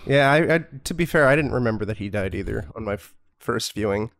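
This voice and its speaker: A man's voice: lowish voice, expressive, a little fast, gravelly, fairly bright tone, no echo. A man streaming a show with a friend, chatting casually and joking crudely, with asides that trail off into mutters. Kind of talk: casual watch-along chat.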